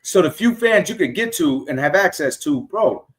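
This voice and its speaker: A middle-aged man on a casual podcast, telling fan stories and acting out quotes in an animated way. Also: fairly high pitch, moderate pace. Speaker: guest fan.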